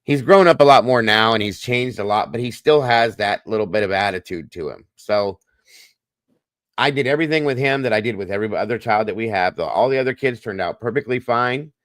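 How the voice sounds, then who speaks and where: A middle-aged podcast host tells a long personal story in a casual monologue, blunt and rambling and prone to repeating himself. He talks briskly with a fairly low pitch, and there's no echo.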